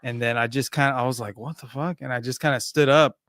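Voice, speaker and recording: Animated, profane man telling street stories. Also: mid-range voice, fast, clear, resonant tone, no room sound. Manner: animated, profane storyteller, swings loud and soft. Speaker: podcast co-host. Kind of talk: casual chat.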